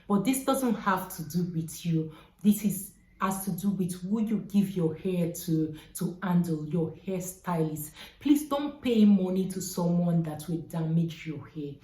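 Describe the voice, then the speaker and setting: A woman talks straight to her viewers about hair care, earnest and emphatic, returning again and again to her main points. Her voice sits low and mellow. The room around her rings with a noticeable echo. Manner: emphatic, repeats key points, warmly urging. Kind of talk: earnest advice vlog.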